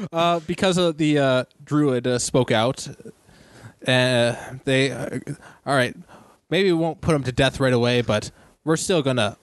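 A man's voice: medium pitch, unhurried, clear, resonant tone, no echo. A man running a tabletop game as game master, narrating with frequent laughs and fillers. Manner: laughing often, many fillers.

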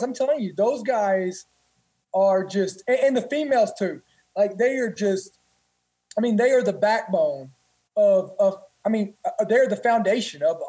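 On a low-quality recording, a man with a high-sitting, dark and husky voice tells casual stories. He's a former Marine appearing as a guest, and his telling is rambling, profane and full of restarts.

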